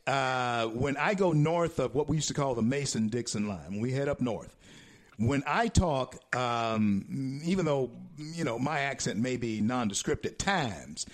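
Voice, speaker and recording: Lively-pitched halting male talk host. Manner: halting, repeats phrases, with many fillers. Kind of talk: conversational talk radio.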